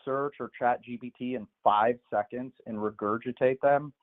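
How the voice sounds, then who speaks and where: A man calling into a political show, arguing in a measured way and insisting on finishing his point. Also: medium pitch, steady tone. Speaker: caller. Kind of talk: heated live call-in argument. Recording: tinny phone line.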